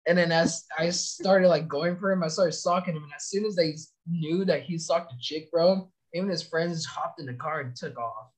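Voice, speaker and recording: A young soldier from California, appearing as a podcast guest, tells long, profane, rambling stories in casual conversation. His voice is a little high, and he talks at a normal speed with few pauses.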